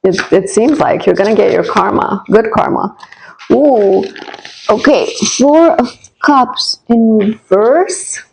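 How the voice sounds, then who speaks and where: A tarot reader speaks slowly in a fairly high, expressive, creaky voice on a rough recording with slight background noise. Giving a casual reading straight to the viewer, she's warm and reassuring, rambling with frequent restarts and asides as she turns over each card.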